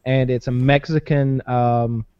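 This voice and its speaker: A man's voice: medium pitch, flat delivery, measured pace, clean tone, no room sound, highs cut off. A man hosting a podcast in casual, profane banter, rambling with lots of fillers and restarts. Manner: rambling, swears often, many fillers and restarts.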